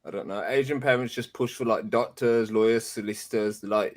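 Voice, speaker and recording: A man's voice: steady tone, fairly quick. A man on a live panel chat, joking about strict parents and mimicking them in a raised voice. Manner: mimics parents in a high put-on voice. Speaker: panel guest. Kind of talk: casual banter on a live panel show.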